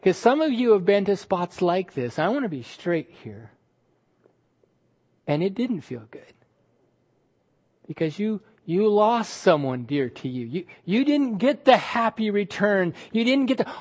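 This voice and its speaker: A man preaching a sermon as pastor, emphatic, stretching key words and dropping suddenly to quiet. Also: sits high, husky.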